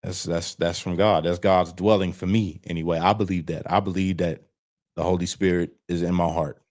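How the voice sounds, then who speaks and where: A man with a very deep, low voice, talking as a guest over a video call. He tells his story candidly and casually, swearing without hesitation. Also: fairly even intonation, normal speed, darkish tone. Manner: frank and plain-spoken, swears freely. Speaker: interview guest on parole.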